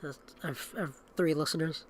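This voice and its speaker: A man's voice: on the high side, steady tone, moderate pace, slight background noise. A man in his thirties co-hosting a podcast in casual chat, acting out quotes in raised voices. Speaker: podcast co-host.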